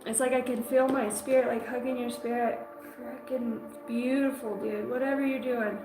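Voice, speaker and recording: A woman giving a live psychic reading, talking in a halting, dreamy and emotional way, full of filler words. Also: a little high, steady tone. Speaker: psychic reader. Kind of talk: live-stream intuitive reading. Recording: echoey room with music behind. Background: clear background music.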